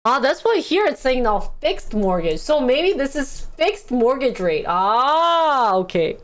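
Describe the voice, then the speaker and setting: A woman's voice: high-pitched, sing-song, slow. A young woman streaming live, reading news articles aloud and chatting casually with her viewers, often laughing and calling them guys.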